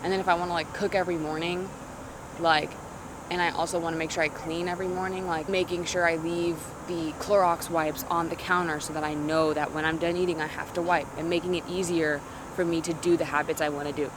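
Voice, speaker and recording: A woman's voice: fairly low pitch, flat delivery, a little fast, noisy background. A young adult woman chatting casually to camera in a vlog, rambling and slangy, often cutting herself off. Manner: rambling, slangy, self-interrupting. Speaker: vlogger. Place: outdoors in a city in the morning.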